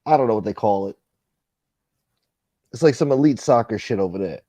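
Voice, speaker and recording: A man hosts a loose morning live-stream chat. His voice is warm and relaxed, recorded close and dry with no room sound. He jokes around and calls out viewers by name. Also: on the low side, brisk, no room sound. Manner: joking, greets viewers by name. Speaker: host reading live chat.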